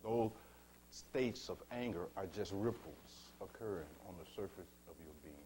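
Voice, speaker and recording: A man giving a spiritual teaching talk, slow and measured, asking his listeners rhetorical questions and calling them beloved. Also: low voice, dark tone, a little hiss or hum.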